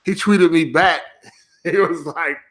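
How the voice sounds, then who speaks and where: A man's voice: on the high side, slow pace. A podcast host, swearing heavily as he talks casually and snaps back at his livestream chat. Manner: profane, animated, reacting to chat.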